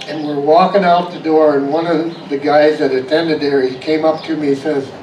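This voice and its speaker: A man preaching a storytelling sermon, moving from animated anecdote to soft reflection. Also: fairly high pitch, normal speed, hardly any pauses, background noise. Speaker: pastor. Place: church sanctuary. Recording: echoey church room, voice from far off.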